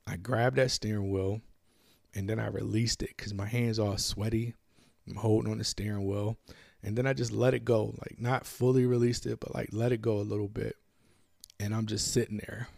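A man's voice: medium pitch, normal speed, gravelly, a little mellow, dry recording, clean studio sound. A young man telling a personal story in a profane, emphatic, emotionally raw way, full of street slang. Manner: emotionally raw, reliving tense moments.

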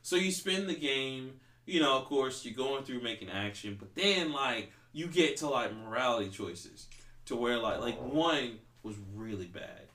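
A man's voice: mid-range voice, expressive, unhurried, pushed and bright. A man hosting a podcast in casual chat, rambling and swearing, leaning on "like" as filler. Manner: rambling, profane, heavy use of "like". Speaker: podcast host. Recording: roomy echo.

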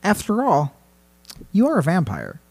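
A man's voice: sits high, huge pitch swings, unhurried. A man hosting a casual podcast chat, telling a spooky story in a playful, rambling way and laughing often. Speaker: podcast host.

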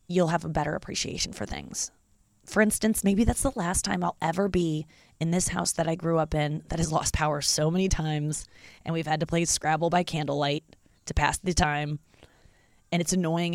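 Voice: medium pitch, gravelly, dry recording, studio quality. A podcast host in their thirties, from the St. Louis area, talking in a candid, confessional, rambling way with lots of fillers. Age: 30s. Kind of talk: casual solo podcast monologue.

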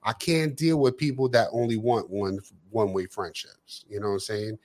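A man's voice: lowish voice, fairly even intonation, moderate pace, a little mellow. A man co-hosting a podcast, ranting and acting out both sides of conversations. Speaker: podcast co-host. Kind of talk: casual chat.

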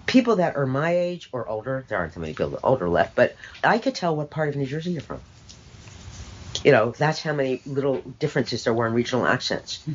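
A woman's voice: extremely low pitch, sing-song, fast talker, muffled recording. An older woman being interviewed, talking in an emphatic, opinionated, sardonic way with rambling asides. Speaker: interview guest. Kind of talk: conversational interview.

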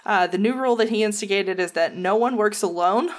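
A woman's voice: mid-range voice, a little fast. A woman from the American South, co-hosting a casual podcast and joking wryly as she reads through her notes. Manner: wry, joking, playful. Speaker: podcast co-host. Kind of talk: casual chat, reading researched notes.

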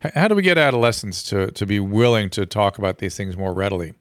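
A man hosting a panel talk on youth mental health, measured and thoughtful, with fillers and restarts. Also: fairly low pitch, big pitch swings, no echo, studio quality. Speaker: host. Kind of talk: moderating a panel discussion.

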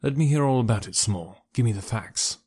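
A man reading the lines of a scheming, greedy army major in an audiobook, in a halting, guarded way. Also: medium pitch, animated, dark tone, slightly rough. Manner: halting, guarded officer's speech.

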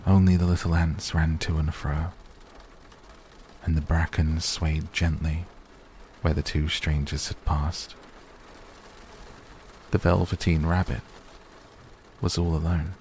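A man softly and gently reading a bedtime story aloud as narrator. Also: a bass voice, little pitch movement, takes it slowly, pauses often, a little hiss or hum. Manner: gentle, hushed. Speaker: audiobook narrator. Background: soft rain sounds.

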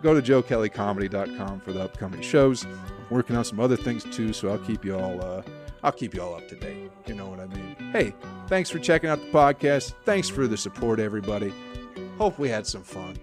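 A man's voice: medium pitch, lively intonation, moderate pace, soft background music. A man around forty, hosting a solo comedy podcast and rambling crudely with profane, sarcastic asides. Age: 40s.

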